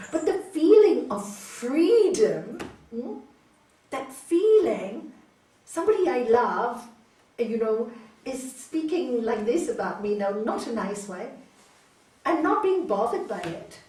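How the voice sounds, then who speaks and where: A woman teaching raja yoga to an audience, telling stories and acting out quoted voices, often checking in with a questioning "hmm?". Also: high voice. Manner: animated storyteller, acts out quoted voices, frequent "hmm?" to listeners. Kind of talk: spiritual talk to an audience. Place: hall. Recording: echoey hall, voice from a distance.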